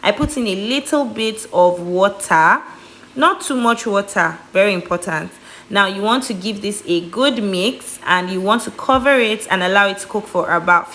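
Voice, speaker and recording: Nigerian woman hosting a cooking tutorial voice-over, chatty and emphatic, with a mid-pitched voice. She drives her tips home with playful stress, with a faint noise behind her. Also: fairly bright tone. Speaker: cooking vlogger.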